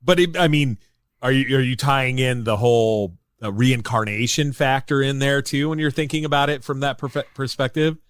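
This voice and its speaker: A man's voice: mid-range voice, fairly even intonation, normal speed, no echo. A man with an ordinary mid-range voice, talking films in a hesitant way, full of fillers and dry asides. The sound is close and dry. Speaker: podcast guest. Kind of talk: casual film discussion.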